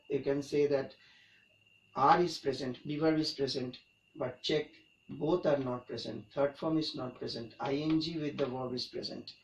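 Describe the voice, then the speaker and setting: A man teaches an English grammar lesson, explaining each point emphatically, repeating it for emphasis and often restarting. His voice is fairly high and a little mellow, picked up by a distant mic in an echoey room with faint background noise.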